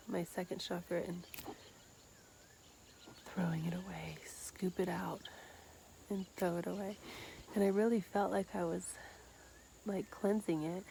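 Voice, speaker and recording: A young woman talking casually to her camera in a video diary, often dropping to a whisper and saying "like" a lot. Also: on the low side. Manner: soft-spoken, often whispering, many "like" fillers. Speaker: vlogger. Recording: clear outdoor insect noise.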